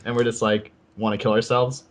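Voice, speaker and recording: A man's voice: mid-range voice, little pitch movement, a little fast. A young man co-hosting a gaming podcast, venting in a rambling way with lots of "like" fillers. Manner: rambling, heavy use of "like", frustrated venting. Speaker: podcast co-host. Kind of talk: casual gaming chat.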